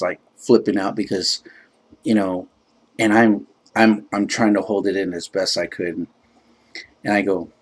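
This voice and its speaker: A man's voice: lowish voice, husky. A laid-back man casually telling a rambling personal story, filled with "you know" and self-described joking.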